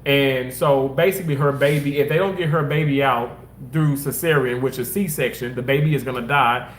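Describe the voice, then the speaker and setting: Rambling, animated man in an echoey room. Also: mid-range voice, normal speed, slight background noise. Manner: animated, rambling, repeats himself for emphasis. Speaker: former hospital surgical worker. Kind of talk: casual personal storytelling.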